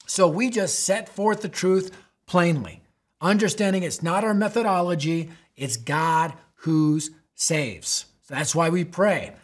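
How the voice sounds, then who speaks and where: A man's voice: high voice, unhurried. A man hosting a youth ministry podcast, teaching emphatically in a preaching style, with rhetorical questions and frequent "right?".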